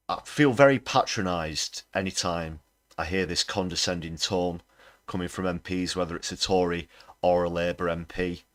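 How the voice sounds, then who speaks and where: Man, very low voice, indignant political rant. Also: fairly bright tone. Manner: indignant, ranting. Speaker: livestream host. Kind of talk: political commentary.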